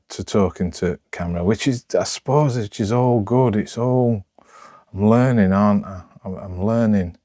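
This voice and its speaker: A man with a Sheffield accent talking unscripted to camera, rambling and halting with lots of restarts, in a rough, broad way of speaking. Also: lowish voice, a little mellow, dry recording, studio quality. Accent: Sheffield, Yorkshire. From Sheffield, England. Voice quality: rough, broad local speech. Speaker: vlogger.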